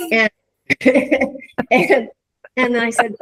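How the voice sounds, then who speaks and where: A woman's voice: fairly high pitch, animated, drawn-out words, husky, poor audio. A woman guest in an interview, telling stories earnestly and with feeling, restarting her phrases often. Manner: earnest, emotive storyteller with restarts. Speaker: leadership coach and guest. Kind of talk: storytelling in conversation.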